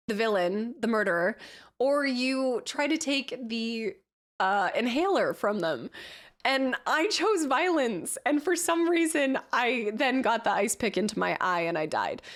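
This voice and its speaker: Woman, streamer, casual live reaction, higher voice, chatty, self-mocking laughs.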